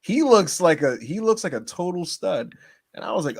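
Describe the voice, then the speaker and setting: A man co-hosting a casual podcast, excitable and teasing, laughing often as he talks. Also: high-pitched, normal speed, vocal fry. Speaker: podcast co-host.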